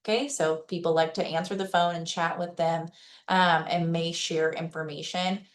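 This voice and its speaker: Lower-voiced woman giving a friendly talk. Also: steady tone, normal speed, a little hiss or hum. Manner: conversational, checks in with listeners by asking "okay?" and "right?"; gives practical advice in a plain, reassuring way. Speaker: presenter at a senior-services webinar. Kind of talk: informal educational presentation.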